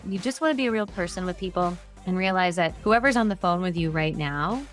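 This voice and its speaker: A woman's voice: on the low side, fairly quick, soft background music. A woman hosting a podcast, teaching customer service in a conversational monologue and demonstrating tone with everyday examples.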